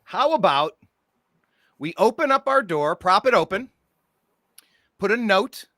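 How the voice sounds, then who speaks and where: Animated male talk show host. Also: high-pitched, a little slow, dry recording, studio quality. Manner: animated, exasperated, mocking asides. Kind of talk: casual political talk show chat.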